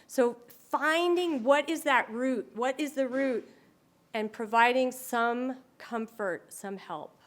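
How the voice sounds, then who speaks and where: Slowly and in a fairly high voice, a woman tells animated stories to an audience, imitating the people she quotes. She is a speaker on dementia care.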